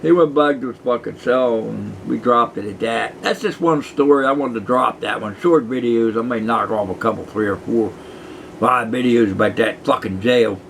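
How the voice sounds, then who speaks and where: A man's voice: medium pitch, moderate pace, vocal fry, a bit bright, slight background noise, low-quality recording. A man in his sixties, a retired prison guard, telling rambling, profane stories in casual chat. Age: 60s. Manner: profane, meandering, chuckling. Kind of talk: rambling casual storytelling to camera.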